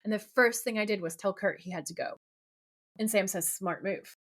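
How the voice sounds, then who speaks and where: A woman's voice: mid-range voice, normal speed. A woman co-hosting a podcast, recapping a TV episode in casual chat and acting out the characters' lines as she goes. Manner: animated retelling, quoting the characters' lines. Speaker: podcast co-host.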